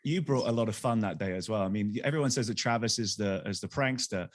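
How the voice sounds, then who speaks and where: A man co-hosting a podcast, telling lively anecdotes in casual chat and acting out the people he quotes. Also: fairly low pitch, fast talker, no echo, clean studio sound. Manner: animated anecdotes, acts out quoted voices. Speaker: podcast co-host.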